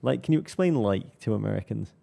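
A man's voice: mid-range voice, fairly quick, vocal fry, dark tone. A man from Liverpool with a light Liverpool accent, co-hosting a podcast and telling anecdotes in a dry, wry way. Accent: light Liverpool English. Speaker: podcast co-host. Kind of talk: casual chat, anecdotes.

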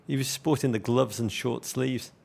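Gravelly, joking football podcast host. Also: male voice, mid-range voice, fairly even intonation, normal speed, a little mellow. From North West England. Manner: florid, joking, vivid comparisons. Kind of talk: comic football chat.

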